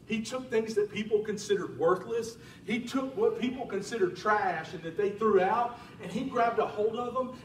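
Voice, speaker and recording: A man preaching a sermon as a pastor in a church, telling stories in an animated way. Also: high-pitched, slight background noise. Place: church sanctuary. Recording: roomy church sound from a distant mic.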